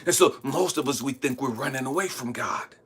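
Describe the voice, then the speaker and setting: A middle-aged man hosting a spiritual channel, giving a raw, profane monologue that swings between shouting and hushed tones. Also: mid-range voice, fairly quick, slight background noise. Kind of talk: impassioned spoken monologue.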